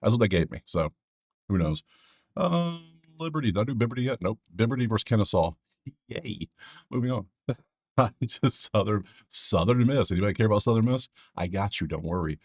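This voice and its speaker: A man's voice: on the low side, lively intonation, fairly quick, a little mellow, breathy edge, no echo, studio quality. A man hosting a casual sports betting breakdown, rambling with joking asides to his viewers.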